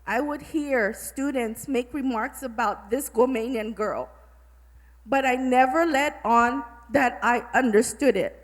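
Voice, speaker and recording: A woman from Guam who teaches middle school, speaking from the audience in a heartfelt, apologetic way. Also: sits high. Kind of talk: audience remarks at a symposium. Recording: long hall reverb.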